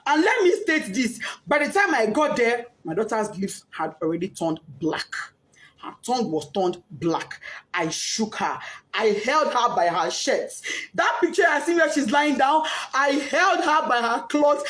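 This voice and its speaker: A woman's voice: high-pitched, very animated, normal speed, a bit bright. A Nigerian woman, a grieving mother, giving a tearful, distraught testimony, pleading and repeating herself in rising outbursts. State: crying, distraught. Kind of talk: emotional testimony.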